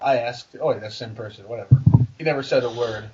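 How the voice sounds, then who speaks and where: A man reading fan fiction aloud for comedy, with joking, deadpan asides. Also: mid-range voice, quick pace, muffled recording.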